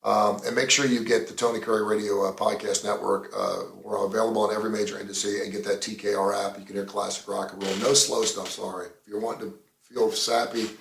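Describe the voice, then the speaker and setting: Gravelly rambling male radio host. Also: lowish voice, fast, reverberant. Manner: rambling, animated storyteller. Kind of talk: casual radio chat.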